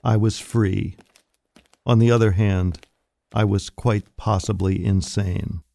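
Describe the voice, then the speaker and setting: Man reading a short story, real slow, gravelly fry, dead dry sound. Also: on the low side, fairly even intonation, mellow, no echo. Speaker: reader. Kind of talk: scripted narration of short fiction.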